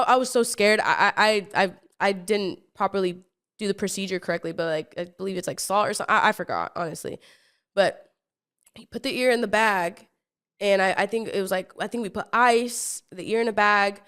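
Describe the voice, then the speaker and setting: A young woman in her twenties hosting a podcast, telling a wild personal story in a casual, rambling way, full of stumbles, restarts and fillers, acting out what people said. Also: medium pitch. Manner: animated, acts out what people said. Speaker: podcast host.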